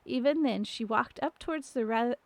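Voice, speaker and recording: Gravelly-voiced woman reading a storybook. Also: on the high side. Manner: unhurried reading with small slips and restarts. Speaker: storybook narrator. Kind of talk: reading a storybook aloud on a live stream.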